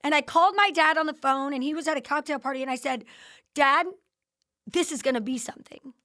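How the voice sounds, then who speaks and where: Speaking a little fast in a high, sharp-toned voice, the podcast host recounts how her company was founded during a casual interview. She brings the quoted dialogue to life with animation.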